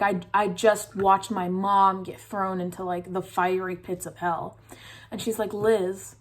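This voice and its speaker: A young woman vlogger telling a dream story casually, rambling with constant filler words. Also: medium pitch.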